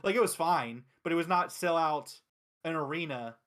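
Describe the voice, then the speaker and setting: A man hosting a wrestling review show in casual chat, excitable and profane, retelling events with quick acted quotes. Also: a little high.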